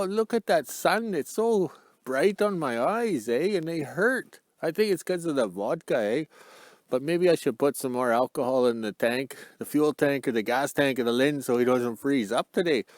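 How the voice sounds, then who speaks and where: A man's voice: fairly high pitch, animated, moderate pace, no room sound, studio quality. A man, rambling and joking in a folksy way, recording a casual vlog outdoors in the cold on his phone. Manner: folksy, joking, ends sentences with "eh". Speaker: vlogger. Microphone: phone camera.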